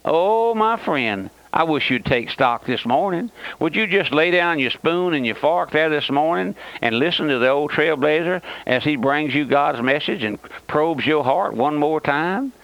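A man's voice: on the high side, expressive, unhurried, hardly any pauses, a bit bright, dry recording, lo-fi sound. An older man preaching a radio sermon, pleading fervently and speaking straight to the listener.

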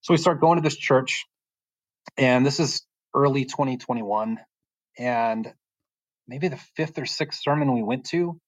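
A medium-pitched man talks at a measured pace about his personal faith journey, a guest on a podcast. He's earnest and rambling, frequently restarting his sentences, and he's at home in his bedroom. The recording is dry and rough.

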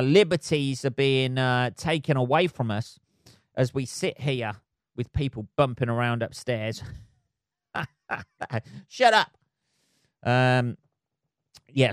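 A man hosting a podcast on his own, rambling in a sweary, self-mocking casual monologue from his flat at home. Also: mid-range voice, smooth, dry recording, studio quality. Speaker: podcast host. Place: flat at home below noisy neighbours.

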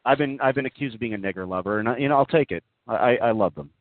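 A man's voice: mid-range voice, very fast, no echo. A man hosting a casual online radio talk show, rambling in a mock-serious way with many fillers, heard as tinny, phone-like audio. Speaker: host.

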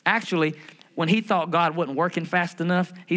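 A man preaching a sermon as pastor of a church, in a lively conversational way with humor and rhetorical questions. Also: on the high side, normal speed. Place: church building.

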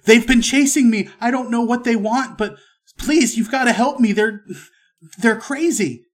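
A panicked young woman pleading to be rescued, voiced by a man running a tabletop game. The voice sits far above his natural pitch, breathless and urgent. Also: a little slow.

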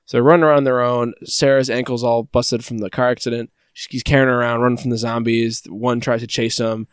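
A man co-hosting a podcast, recapping in a relaxed, wry way and slipping in deadpan jokes. His pitch sits in the middle of the range, and the recording is dry and close. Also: brisk, clean tone, dry recording. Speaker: podcast co-host. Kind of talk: casual podcast chat, recapping a show.

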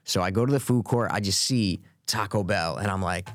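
A man's voice: on the low side, fairly quick, no room sound. A young man co-hosting a podcast, telling a rambling story in casual chat, swearing often and acting out what people said. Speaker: podcast co-host.

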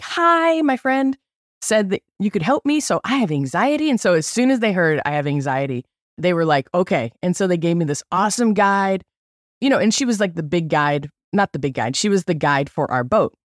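Middle-aged woman podcast host, lively storyteller, dry close mic. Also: low voice, no room sound. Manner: animated, chatty, with lots of likes and okays. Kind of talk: casual storytelling.

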